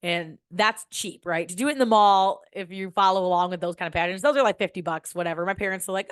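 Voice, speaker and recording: A young woman from Michigan, telling a personal story in a chatty way and jumping into a higher voice when she quotes herself. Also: quick pace, hardly any pauses, clean tone, no room sound, studio quality. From Michigan, USA. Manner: chatty, animated, acts out quoted lines in a high voice. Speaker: podcast host. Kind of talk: casual storytelling.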